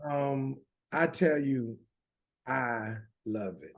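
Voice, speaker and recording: A man's voice: mid-range voice, very slow. A middle-aged man with a Southern American drawl, telling his story earnestly as a guest on an interview show. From United States. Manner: earnest, with many restarts. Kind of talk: conversational storytelling.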